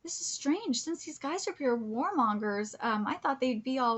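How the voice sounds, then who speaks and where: High-voiced woman gushing over manga. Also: huge pitch swings, normal speed, few pauses, slightly rough. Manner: gushing, swears a lot, drops into whispers. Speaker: streamer. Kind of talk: live manga reaction.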